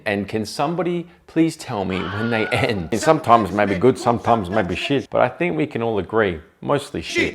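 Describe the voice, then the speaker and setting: Sarcastic man narrating. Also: on the low side. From Australia. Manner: sarcastic, jokey, swears freely. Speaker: video essay host. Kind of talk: scripted comedic video essay narration.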